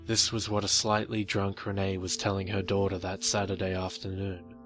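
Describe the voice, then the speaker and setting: A man reading a horror story in slow, measured scripted narration. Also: sits low, monotone, a bit bright, soft background music.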